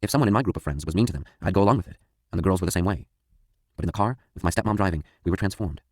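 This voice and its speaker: A man narrating a first-person audiobook with a very low voice. He reads at a rapid, matter-of-fact clip. The booth sound is dry and close. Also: no room sound.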